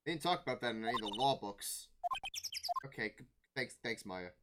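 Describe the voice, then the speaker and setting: A woman voicing a calm young male defense lawyer, speaking low, dry and patient. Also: brisk, heavy background noise.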